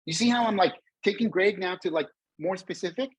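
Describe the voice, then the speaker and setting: Guy coaching job seekers on a video call, bit husky, dry close sound, keeps calling everyone folks. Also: high-pitched, a little fast, no room sound, lo-fi sound. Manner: energetic, addresses the audience as folks, acts out dialogue; speaks standing up. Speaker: webinar presenter and career coach. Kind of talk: motivational webinar talk. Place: indoors, a vacation spot.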